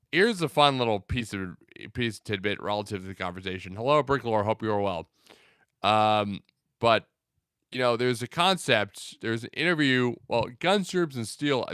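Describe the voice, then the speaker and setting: A man's voice: on the low side, a bit bright, clear, resonant tone, no room sound, clean studio sound. A young man hosting a casual livestream, reading out viewer comments in a loose, rambling way with many fillers. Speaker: livestream host.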